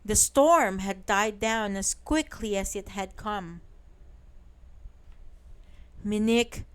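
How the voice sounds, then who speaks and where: Woman narrator for bedtime stories, very slow, smooth and soothing, voice a touch high. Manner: slow, soothing, clearly spoken. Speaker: storyteller. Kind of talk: bedtime story reading.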